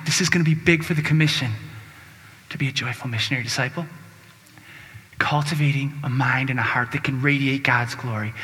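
A high-voiced man preaching with a very bright, forceful tone, exuberant and exclamatory as he leads call-and-response. His sermon rings with the long reverb of a large hall. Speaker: Catholic preacher.

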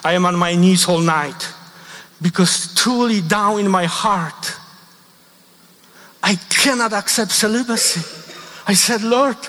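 A middle-aged man from Poland with a Polish accent, preaching a sermon with personal testimony in emphatic, non-native English and slowly repeating the lines he quotes. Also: sits high, pushed and bright. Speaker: priest. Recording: long reverb of a large hall.

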